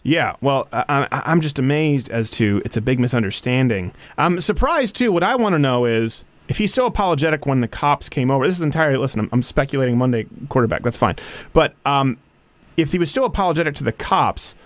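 A man hosting a casual talk show, speaking in an animated, sarcastic way. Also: medium pitch, a little fast, no echo. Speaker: podcast host.

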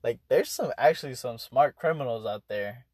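A man's voice: mid-range voice, normal speed, a little mellow, no room sound, clean studio sound. A young adult man telling a story in a rambling, casual way, swearing often and restarting his sentences. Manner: profane, rambling, full of fillers and restarts. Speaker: vlogger.

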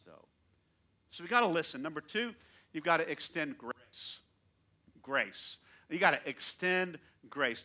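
A man who is a pastor, preaching a sermon in church, swinging between loud emphatic lines and soft, quiet asides. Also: a little high.

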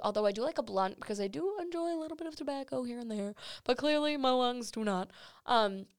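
A young woman hosts a podcast, chatting casually with giggles and some swearing. Her voice sits a little high with vocal fry, smooth and free of echo, recorded on a studio microphone.

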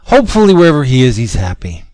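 A man's voice: medium pitch, sing-song, quick pace, darkish tone, dry recording. A man hosting a comics podcast, chatting casually with a wry, teasing manner. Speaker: podcast host. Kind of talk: casual chat.

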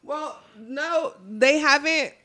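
A woman's voice: high voice, takes it slowly, sharp tone. A woman hosting a podcast in casual chat, laughing often and swearing freely as she talks over her guests. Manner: giggly, laughs often while talking over the guys. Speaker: podcast host.

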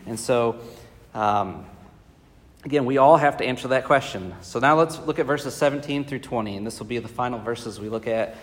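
A man's voice: mid-range voice, normal speed. A man teaching a Bible study class, talking conversationally with many fillers and putting questions to the group. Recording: reverberant hall.

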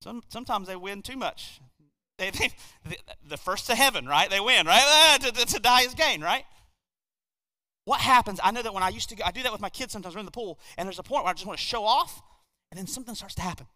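A man preaching a sermon in a church, telling a story with animated energy and frequent restarts. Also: sits high, fast. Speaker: pastor. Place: church sanctuary. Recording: long reverb of a church hall.

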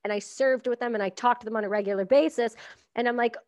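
A woman's voice: fairly high pitch, steady tone, quick pace, darkish tone, dry recording. Effusive woman podcast host. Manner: effusive, encouraging, frank. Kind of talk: casual podcast chat.

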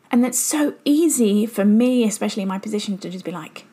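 A woman's voice: mid-range voice, lively intonation, quick pace, mellow, husky. A woman who works as a business mentor gives an earnest, reflective motivational talk and repeats phrases for emphasis. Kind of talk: motivational self-help talk.

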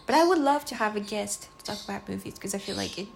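A woman's voice: medium pitch, quick pace, creaky, a little hiss or hum. A woman hosting a casual solo podcast, speaking English as a second language, chatty and rambling with frequent giggles. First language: not English. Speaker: podcast host.

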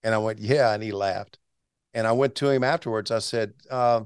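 A man's voice: lowish voice, moderate pace, clear, resonant tone, dry recording, studio quality. A man in his sixties, a veteran announcer, chatting as a guest and telling stories with restarts and chuckles. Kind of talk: casual interview storytelling.

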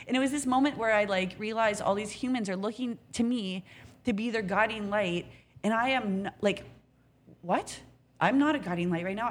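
A woman in a casual podcast chat, a restaurant business co-owner telling an animated, candid story and swearing now and then. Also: medium pitch, a little hiss or hum.

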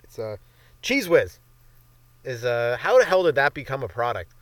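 A man's voice: mid-range voice, sing-song, normal speed, no echo. A young man hosting a comedy podcast, riffing in a loose, profane, rambling monologue full of fillers. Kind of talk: rambling stand-up style monologue.

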